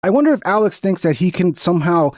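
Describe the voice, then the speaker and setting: A man's voice: sits high, big pitch swings, quick pace, a little mellow, no room sound, clean studio sound. A man hosting a political reaction show, swearing constantly, angry and sarcastic as he tears into a clip. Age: 30s or older. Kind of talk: profane political reaction commentary.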